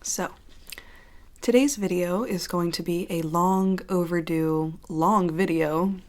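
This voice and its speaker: A woman in her thirties, originally from Pennsylvania, talks openly to her viewers in a loose, rambling vlog chat. Her voice sits low for a woman, and she keeps circling back with "um" and "like" as she gathers her thoughts. It sounds like an ASMR host dropping the whisper to speak plainly. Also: fairly even intonation, slow pace, a little mellow. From Johnstown, Pennsylvania, US. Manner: rambling and candid, many fillers like "um" and "like". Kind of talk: casual chat update vlog.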